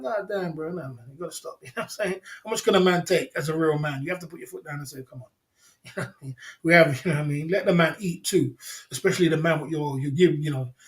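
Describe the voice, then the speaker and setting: Male livestream host with a slightly high voice, loose rambling chat that circles back on itself and reads out names from the chat. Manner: rambling, repeats himself, chuckles, addresses chat viewers by name.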